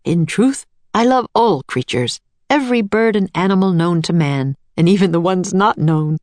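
A woman's voice: fairly low pitch, expressive, moderate pace, darkish tone, no echo, natural voice. A woman reading aloud, voicing a cheerful, gracious and rather boastful master artist in a storybook. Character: grand, cheerful man, an older artist genius.

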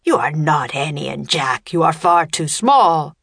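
A woman voicing a huge, gruff, one-eyed bearded wizard who speaks slowly and scornfully in a storybook reading. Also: animated, fairly bright tone, no room sound, clean studio sound, full character voice. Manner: booming and slow.

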